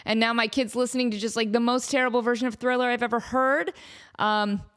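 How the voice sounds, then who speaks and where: A woman hosting a casual solo podcast, excitable and rambling, who keeps breaking into sung snippets and laughter. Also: fairly high pitch, a little fast, clear, resonant tone. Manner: talks to her cat. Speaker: podcast host.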